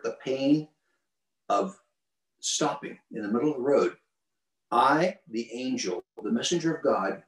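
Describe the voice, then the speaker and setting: A man voicing a huge, stern male warrior angel making slow, grave pronouncements, heard from a distant mic in a roomy space. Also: mid-range voice.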